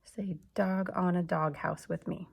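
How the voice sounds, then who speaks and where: A woman teaching an early reading lesson to young children, slow and patient, sounding out letters and words. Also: fairly low pitch, steady tone, gravelly, breathy edge.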